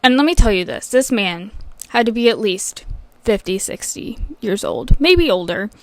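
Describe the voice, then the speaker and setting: A woman's voice: medium pitch, expressive, unhurried, dry recording. A woman hosting a podcast, telling work stories in a casual, profane ranting style. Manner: swears freely, ranting. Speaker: podcast host. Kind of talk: casual storytelling rant. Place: vet clinic worker telling work stories.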